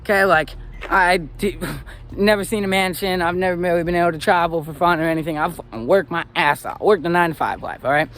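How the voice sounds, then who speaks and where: A young man from Arizona in his twenties tells his life story as a motivational speaker, animated and swearing freely. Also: sits high, a little fast. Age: 20s. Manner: animated and swearing, rising to excited peaks. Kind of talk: personal story monologue.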